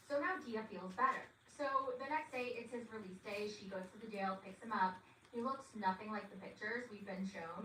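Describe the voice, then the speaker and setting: A woman's voice: medium pitch, a bit bright, recorded from a distance. Chatty sarcastic woman recapping a show. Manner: chatty, sarcastic, dramatic asides. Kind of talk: casual recap commentary. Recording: echoey room, voice set back from the mic, faint hiss.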